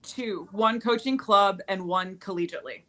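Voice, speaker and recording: A woman who coaches volleyball, casually telling animated stories and laughing as she goes. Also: medium pitch, normal speed. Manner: animated storyteller, laughs mid-story. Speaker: volleyball coach and podcast host. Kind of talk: casual chat.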